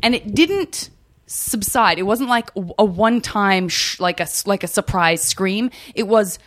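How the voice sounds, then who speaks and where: A woman hosts a podcast in relaxed, casual chat. Her voice sits at an ordinary middle pitch for a woman. She tells stories in a wry, chatty way and laughs easily. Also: unhurried. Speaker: podcast host.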